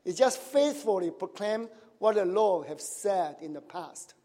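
Male pastor, high voice, sermon with questions to the room, tags like "right?", nonnative grammar, big hall reverb. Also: lively intonation, unhurried, warm tone.

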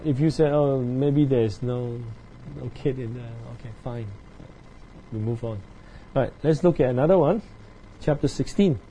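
A man teaching through a Bible passage verse by verse. He talks haltingly, with many fillers, and keeps checking in with his listeners through tag questions. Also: medium pitch, mellow, husky, low-quality recording. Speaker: preacher.

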